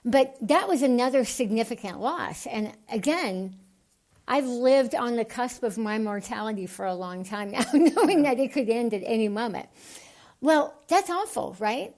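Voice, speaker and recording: A woman from the United States, a podcast guest, speaking with a lisp and an unusual voice altered by tongue surgery, earnest and animated. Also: fairly high pitch, moderate pace. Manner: earnest, animated, gets excited. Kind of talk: podcast interview.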